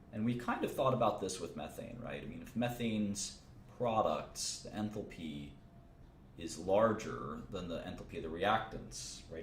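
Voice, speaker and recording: In an informal livestream lecture, a man works through chemistry problems, thinking aloud, repeating phrases and tossing in casual asides. He has a low voice in an echoey room, with a little hiss or hum on the recording.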